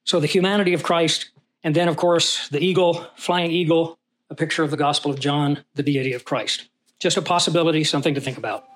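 A man's voice: on the high side, steady tone, brisk, a bit bright. A man teaching a Bible study, who reads scripture aloud and puts questions to his class.

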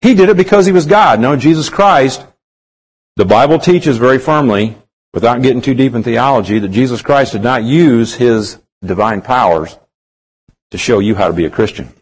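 A man preaching a sermon, reading scripture slowly with drawn-out emphasis and putting many rhetorical questions to his congregation. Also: mid-range voice, breathy edge, rough recording.

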